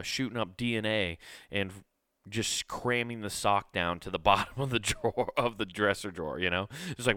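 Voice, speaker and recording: A man's voice: lowish voice, a bit bright, clear, resonant tone, dry recording, studio quality. A man telling a crude, laid-back comic story in casual podcast talk.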